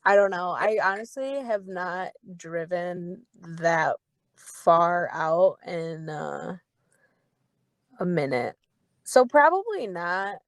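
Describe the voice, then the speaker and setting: Profane, animated young woman podcaster. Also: fairly low pitch, slow, no echo. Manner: animated, profane, full of "like" fillers. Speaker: podcast co-host. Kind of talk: casual storytelling chat.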